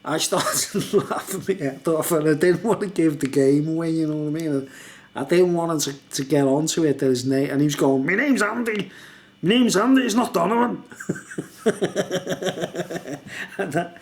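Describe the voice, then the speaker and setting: A man's voice: on the high side, steady tone, brisk, a little mellow. A man telling a rambling story in casual chat, laughing often and checking in with the listener. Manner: laughs often, rambling, asks "you know what I mean". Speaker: vlogger.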